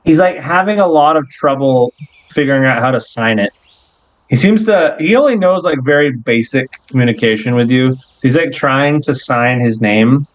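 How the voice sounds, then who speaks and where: A man narrating a tabletop role-playing game as game master, telling the scene in a relaxed way with fillers. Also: mid-range voice, normal speed, dull audio.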